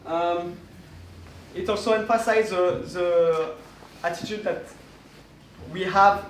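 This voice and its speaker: A man presents at a conference with a fairly high voice. He talks in a halting way, with many fillers and restarts. The sound is roomy and distant, with faint room noise behind him. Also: steady tone. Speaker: conference speaker. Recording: echoey room, voice from far off.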